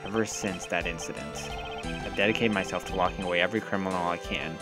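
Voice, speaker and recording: Formal young prosecutor, grave and quiet, man reading the part. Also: low voice, fairly even intonation, quick pace, loud music behind the voice, pitched below the performer's own voice, close to an everyday voice. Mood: solemn. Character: composed young male prosecutor, formal and solemn.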